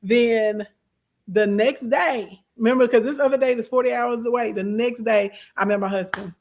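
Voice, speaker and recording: A young adult woman, casually telling a story to her live stream chat, sassy and animated. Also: on the high side, moderate pace. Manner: animated, sassy, acts out quoted voices.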